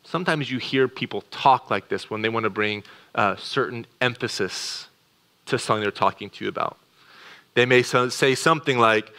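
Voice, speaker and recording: A man's voice: mid-range voice, clear, resonant tone. Earnest male pastor preaching a sermon. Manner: earnest, drops to a hush on key words; swings between quick asides and slow, weighty phrases.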